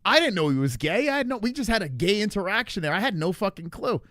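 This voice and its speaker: A male host chatting on a livestream, his slightly high voice swinging widely in pitch as he tells profane, animated stories. The sound is dry and close. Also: quick pace, no echo. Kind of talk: casual livestream chat.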